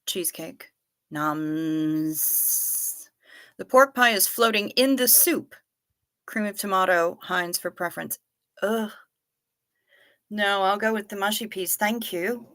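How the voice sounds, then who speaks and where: A woman's voice: mid-range voice, a little slow, pauses often, bright, forceful tone, dry recording, studio quality. A woman hosting a live stream in a casual, chatty way, reading out viewer comments with wry asides and repeating herself for effect. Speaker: livestream host.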